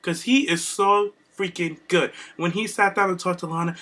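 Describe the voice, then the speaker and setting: Bright-voiced gushing podcast man. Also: high voice, expressive, a little fast, few pauses. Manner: gushing, profane, laughs often. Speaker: podcast co-host. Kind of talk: casual wrestling chat.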